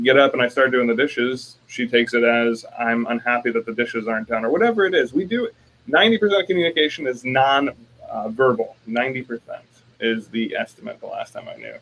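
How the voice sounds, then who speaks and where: A man co-hosting a relationship coaching talk, telling lively stories and acting out both sides of arguments. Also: medium pitch, vocal fry, slight background noise, rough recording. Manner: animated storytelling, acts out both sides of arguments. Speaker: life coach co-host. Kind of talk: casual conversation.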